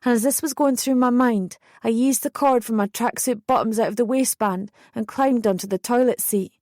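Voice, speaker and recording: A woman's voice: fairly high pitch, moderate pace, darkish tone, no room sound, clean studio sound. A young woman narrating a true first-person memoir as an audiobook, intense and emotional in her retelling.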